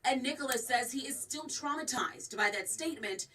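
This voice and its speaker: A woman news reporter reading a report in a measured, formal way. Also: high voice, animated. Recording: distant TV news clip with crowd noise.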